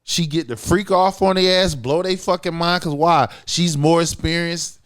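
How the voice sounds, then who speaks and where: A blunt man co-hosting a casual podcast, his voice sitting somewhat high for a man. He lays out his opinions emphatically and profanely, and keeps checking that his listener follows him. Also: normal speed, fairly bright tone, clear, resonant tone. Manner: blunt, profane, emphatic, keeps asking "you feel what I'm saying". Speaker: podcast co-host.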